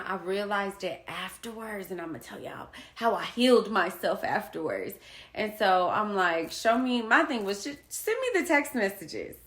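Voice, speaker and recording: A woman's voice: lowish voice, fairly bright tone, reverberant. A woman candidly retelling a personal co-parenting story to her viewers, acting out quoted conversations. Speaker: vlogger sharing personal experience. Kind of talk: casual personal storytelling to camera.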